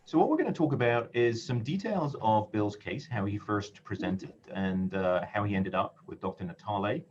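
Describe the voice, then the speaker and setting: Doctor guy hosting a medical panel, lowish voice, kinda muffled lo-fi audio. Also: darkish tone. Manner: measured, with frequent filler pauses. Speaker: moderator, oncologist. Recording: dull lo-fi audio with faint noise.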